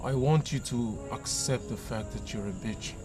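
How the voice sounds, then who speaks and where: Brief: man as condescending Nigerian rich man, mid-pitched, blunt. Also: moderate pace, music in the background, natural voice. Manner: cold, condescending. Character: arrogant wealthy man, blunt and demeaning.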